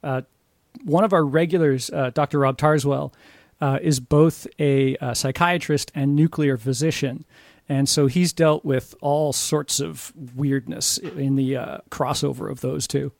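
A man from Canada chatting casually as a guest on a podcast, earnest and quick to laugh. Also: fairly high pitch, steady tone, vocal fry, no room sound, clean studio sound.

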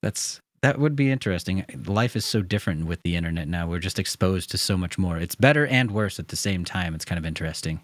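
A man's voice: low voice, animated, fast, few pauses. An American man hosting a podcast, chatting in an easygoing, enthusiastic way into a studio microphone. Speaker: podcast host. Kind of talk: casual podcast chat.

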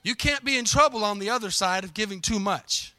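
A man preaching a lively sermon in a church, calling out to the congregation as he goes. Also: high-pitched, fairly quick, no echo. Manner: lively preaching with call-and-response asides. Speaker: pastor. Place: church sanctuary.

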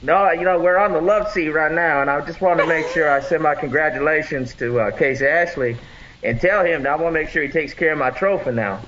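A man playing a stiff, rambling male fishing champion on a comedic call-in, halting and deadpan. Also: fairly high pitch, lightly acted. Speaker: caller impersonating a bass fishing pro. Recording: dull lo-fi audio with crowd noise.

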